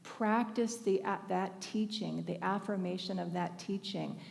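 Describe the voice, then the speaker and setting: A woman's voice: mid-range voice, a little slow, creaky, darkish tone, big-room sound. A woman from Northern California giving a storytelling sermon at a thanksgiving service, conversational and often laughing. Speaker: speaker at a spiritual thanksgiving service.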